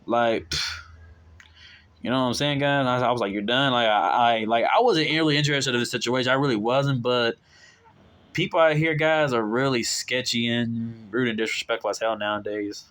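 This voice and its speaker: A man's voice: steady tone, normal speed, fairly bright tone. A young man casually telling viewers a rambling story about his job, full of fillers, restarts and exasperated asides. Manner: voices his own quoted retorts in a sharply raised pitch. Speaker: vlogger telling a work story.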